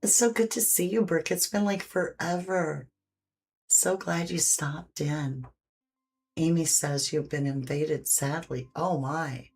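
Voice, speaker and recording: A woman's voice: deep voice, takes it slowly, a little mellow, breathy edge. A woman hosting a live painting stream, chatting casually, reading viewer comments aloud and fussing over her dogs. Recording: faint background music.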